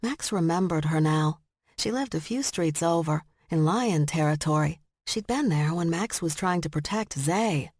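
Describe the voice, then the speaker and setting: A woman narrating a romance audiobook in slow, measured storytelling, recorded close on a studio mic. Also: low voice, darkish tone, dry recording. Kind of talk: scripted narration.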